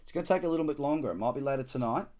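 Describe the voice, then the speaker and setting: Man, Australian accent, live-stream trading host, casual, slangy, joking, mid pitch. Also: rapid-fire, warm tone. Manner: chatty and slangy, with dad jokes. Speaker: trader hosting a live market scan.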